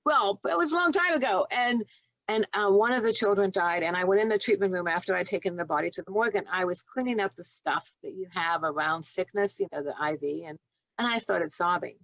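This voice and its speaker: An earnest woman in her seventies, telling heartfelt stories as an interview guest. Her voice sits at a middling pitch and sounds dry and close. The sound is a bit dull and muffled. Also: fairly quick, dry recording. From United States. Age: 70s. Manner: earnest, heartfelt, gentle storyteller. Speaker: guest, retired nurse and author. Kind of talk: reflective storytelling interview.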